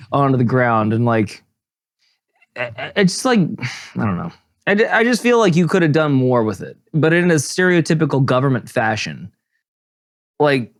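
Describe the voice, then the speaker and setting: Animated rambling man podcaster. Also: on the high side. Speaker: podcast co-host. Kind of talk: casual comedic chat.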